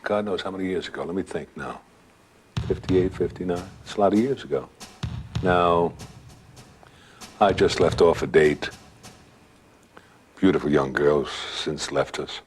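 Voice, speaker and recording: An older man, casually telling a personal story in a relaxed way and acting out what others said. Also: low-pitched, measured pace, long pauses, slight background noise. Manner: relaxed storytelling, acts out voices. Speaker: guest storyteller.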